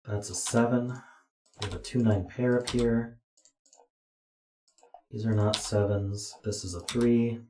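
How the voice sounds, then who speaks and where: A man's voice: on the low side, steady tone, a little slow, long pauses, dark tone, slight background noise. A tired man streaming himself as he thinks aloud through a puzzle, muttering to himself with dry asides. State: tired, yawning. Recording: roomy echo.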